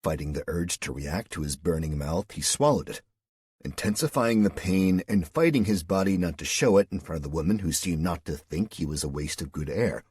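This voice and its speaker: Male narrator, very low voice, husky, dry close recording, measured reading. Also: darkish tone, no echo. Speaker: audiobook narrator. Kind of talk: scripted narration.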